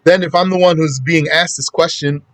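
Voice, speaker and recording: A man's voice: fairly high pitch, fairly even intonation, normal speed, fairly bright tone, no room sound. Man giving a casual, repetitive religious lesson. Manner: conversational, repeats points for emphasis. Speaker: Islamic teacher.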